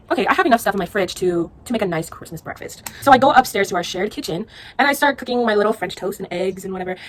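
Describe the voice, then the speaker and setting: Chatty young woman telling travel stories. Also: mid-range voice. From Hawaii. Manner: chatty, animated, acts out quotes in other voices. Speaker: vlogger answering viewer questions. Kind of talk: casual storytelling Q&A.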